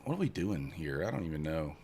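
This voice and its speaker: A man's voice: a bass voice, sing-song, fast, a little mellow, husky. A man chatting casually and joking with viewers while streaming his trading. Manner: rambling, joking with chat viewers. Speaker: futures trading live streamer. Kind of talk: casual live-stream chat.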